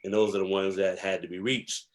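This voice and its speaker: Low-pitched and fairly quick, with little pitch movement, a New Jersey man appearing as a guest historian shares memories in casual interview storytelling. His delivery is reflective and emphatic, sprinkled with many fillers.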